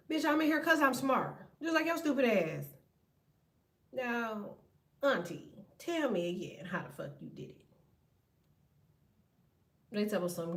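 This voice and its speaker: A woman hosting a tarot livestream, telling stories in a profane, animated way and acting out other people. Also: sits high, moderate pace, pauses often, recorded from a distance. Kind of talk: casual livestream rant.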